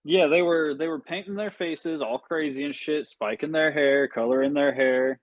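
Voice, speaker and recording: A man's voice: fairly high pitch, moderate pace, no echo, phone-quality sound. A man talking loosely on a podcast, full of fillers and casual swearing. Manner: laid-back, swears freely, many fillers. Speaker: podcast guest. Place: podcast studio.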